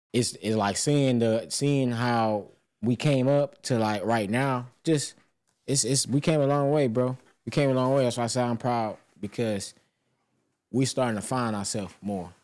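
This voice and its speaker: A man's voice: mid-range voice, a little slow, darkish tone. A man hosting a podcast in casual chat, laid-back and blunt, teasing his guest. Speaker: podcast host.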